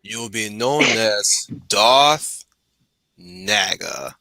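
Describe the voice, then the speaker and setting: A man putting on the voice of a sinister old male sith lord, speaking slow and hushed. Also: fairly low pitch, lively intonation, dry recording, heavily acted, poor audio. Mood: menacing.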